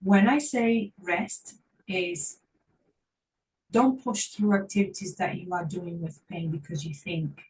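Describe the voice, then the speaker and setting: A woman's voice: lowish voice, slow pace, darkish tone, distant mic, poor audio. A woman physiotherapist giving an online workshop talk, speaking earnestly and encouragingly and repeating phrases for emphasis.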